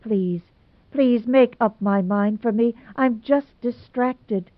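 A woman's voice: on the high side, measured pace, no echo, voice pushed up, close to an everyday voice. A woman voicing Dovey, a timid pleading girl. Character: timid young woman torn between father and suitor. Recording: tinny phone-like sound, dry.

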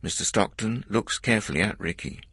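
Deep lively male narrator, bright, husky, dry close recording. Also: a little fast, no echo. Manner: lively, plain reading for learners. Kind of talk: scripted storybook narration.

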